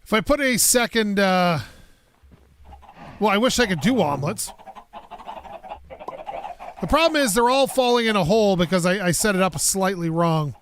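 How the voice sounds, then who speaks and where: A man's voice: high voice, expressive, normal speed, pauses often, a bit bright, a little hiss or hum. A man casually talking through a block-building game on stream, rambling to himself and his chat as he plays. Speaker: gaming streamer. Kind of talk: casual gameplay commentary.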